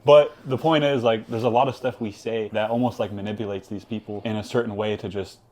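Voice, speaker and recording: A man's voice: on the low side, fairly even intonation, brisk, a little mellow. A man co-hosting a podcast, chatting loosely and filling his talk with "like" and "bro". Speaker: podcast co-host. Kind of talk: casual chat.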